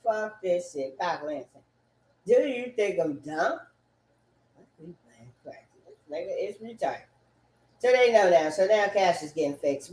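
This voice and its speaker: A woman rambling casually and repetitively, swearing often and breaking into loud outbursts, sitting at home on a couch. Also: on the low side, lively intonation, a little slow. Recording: echoey room.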